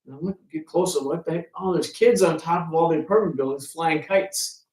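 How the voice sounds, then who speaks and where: A man tells stories from his flying career to an audience, acting out the exchanges he quotes. His voice sits a little high. He is recorded from across an echoey room. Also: fairly quick, darkish tone, recorded from a distance. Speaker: ferry pilot and author giving a talk. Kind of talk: storytelling talk to an audience.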